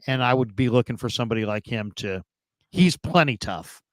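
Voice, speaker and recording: A man's voice: mid-range voice, expressive, fairly quick, no room sound. Opinionated man talking football. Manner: opinionated, thinking aloud with restarts. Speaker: sports podcast panelist. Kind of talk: casual sports talk.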